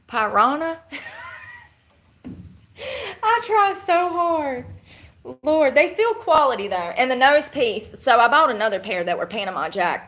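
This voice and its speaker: A woman's voice: medium pitch, a bit bright. A woman chatting casually with her livestream viewers in a blunt, rambling, slangy way.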